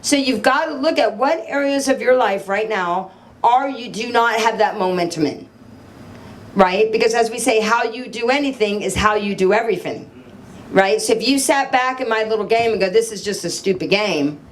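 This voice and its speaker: A woman in middle age speaks to a live audience from a stage, her voice pitched on the high side. She tells personal stories with energy, playing out both sides of conversations and drawing the crowd in with questions. A faint hum of room noise sits behind her. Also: normal speed. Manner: animated storytelling, acting out dialogue, asking the crowd questions. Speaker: motivational speaker. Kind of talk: live motivational talk to an audience.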